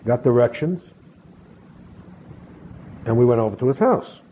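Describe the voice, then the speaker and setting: A middle-aged man slowly telling a personal story, acting out bits of dialogue. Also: mid-range voice, lively intonation. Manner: slow, measured storytelling with acted quotes. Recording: phone-like narrow sound with faint hiss.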